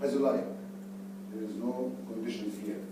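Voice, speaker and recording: A man's voice: medium pitch, fairly even intonation, normal speed. A man from Egypt, an Arabic speaker, firmly giving a theatre workshop instructions in English. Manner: firm, instructive, plain non-native phrasing. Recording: echoey room, distant mic, background noise.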